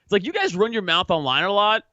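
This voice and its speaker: Casual guest: New man, high lively voice, swears a lot, slightly dull dry recording. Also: fast talker, no room sound. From Staten Island, New York. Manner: profane, animated storytelling, laughs often. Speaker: podcast guest. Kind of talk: casual chat.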